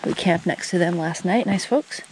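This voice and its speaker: Holding her own camera at a campsite by a trail shelter, a woman chats about her hike in a relaxed way, using plenty of fillers. Her voice sits on the low side at a normal speed, with background noise audible.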